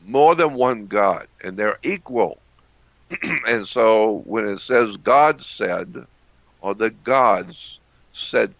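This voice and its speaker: A man giving a deliberate explanatory lecture, repeating phrases and clearing his throat often. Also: fairly low pitch, lively intonation, a bit bright, dry recording.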